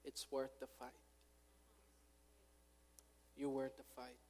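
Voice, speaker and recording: A man preaching a fervent sermon as a pastor, building from calm urging to loud, impassioned exhortation. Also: mid-range voice, fairly quick, a little hiss or hum. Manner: fervent preaching, rising to shouts.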